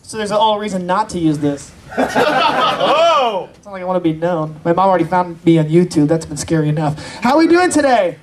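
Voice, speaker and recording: A man's voice: high voice, steady tone, fairly quick, long pauses, heavy background noise. A man doing open-mic stand-up, chatty and self-deprecating, bantering with the crowd. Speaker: stand-up comedian. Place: convention stage in front of an audience.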